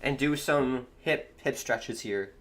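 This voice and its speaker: A man chatting casually on a live football watchalong stream, rambling between excited reactions to the match. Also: medium pitch, takes it slowly.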